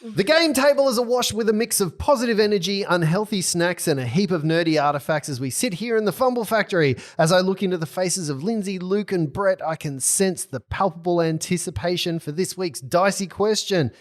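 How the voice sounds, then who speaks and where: A man's voice: high voice, brisk. A man hosting a tabletop game podcast, opening with a playful, theatrical intro and then chatting casually with his players. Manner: theatrical, jokey, sing-song delivery. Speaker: podcast host and game master.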